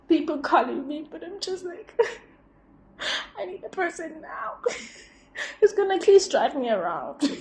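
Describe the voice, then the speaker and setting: A woman's voice: on the high side, a little mellow, a little hiss or hum. A young woman talking casually on her podcast, chatty and laughing often, with lots of restarts. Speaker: podcast host. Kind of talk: casual personal monologue. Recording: echoey room.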